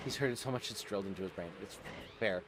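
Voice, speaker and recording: A man's voice: on the low side, fast, noisy background. A man hosting a casual livestream, chatting with viewers, laughing often and stumbling over his words. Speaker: streamer.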